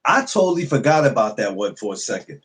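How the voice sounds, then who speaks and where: Man, podcast host, husky voice, casual livestream talk, profane and laughing, mid pitch. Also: very animated, fast, a bit bright. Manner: loose, profane, greets viewers by name, laughs often. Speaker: podcast host greeting live chat.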